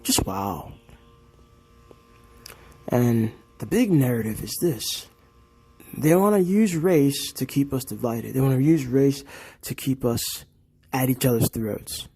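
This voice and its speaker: A man's voice: medium pitch, expressive, slow pace, pauses often, warm tone, slightly rough. A young man ranting in casual commentary, repeating himself and checking in with "right?" and "okay?". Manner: repetitive, emphatic, keeps asking "right?" and "okay?". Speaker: vlogger.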